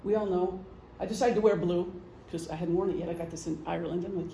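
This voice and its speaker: Gravelly and on the low side, a middle-aged retired police officer talks fast with a steady tone as she gives a casual, joking lecture at a meeting, chatting and acting out gestures. The recording comes from an echoey meeting room and includes background noise.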